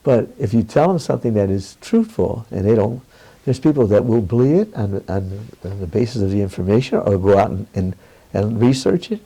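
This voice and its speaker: An older man in a candid interview, telling stories in an animated way, quoting others and laughing often. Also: fairly low pitch, brisk, slightly rough, low-quality recording.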